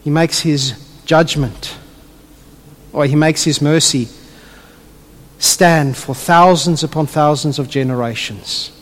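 A man preaching a sermon to a congregation. He is animated and drops his voice low when he retells a story. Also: slow, long pauses, big-room sound. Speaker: pastor.

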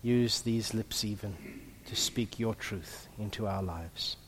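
A man in the role of pastor, praying softly and then preaching with emphasis. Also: on the low side, slow, slight background noise. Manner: hushed in prayer, then lively and emphatic preaching. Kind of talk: prayer and sermon. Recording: long reverb of a large hall.

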